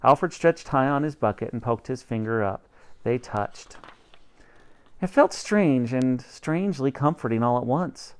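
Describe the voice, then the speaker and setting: A man reading a children's novel aloud chapter by chapter for students, expressive and animated. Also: mid-range voice, unhurried, clean tone. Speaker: audiobook reader for students.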